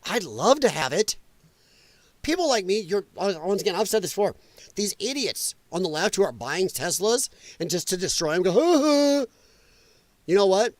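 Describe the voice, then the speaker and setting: A man's voice: sits high, a bit bright, no echo. A man hosting a livestream from home, ranting in casual political commentary and putting on mocking voices. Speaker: livestream host. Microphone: headset.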